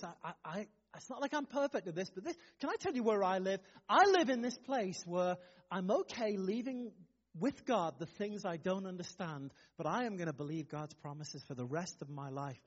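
A man preaches in a warm, conversational way, asking his listeners one question after another. His voice swings widely in pitch. The recording sounds somewhat dull and lo-fi. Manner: lively, conversational preaching with frequent rhetorical questions. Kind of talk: sermon.

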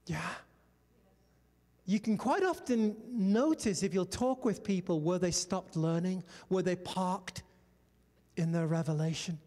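High-voiced male preacher in a reverberant hall. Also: unhurried. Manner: storytelling, animated preaching with "come on" and "amen" calls. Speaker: pastor. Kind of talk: sermon.

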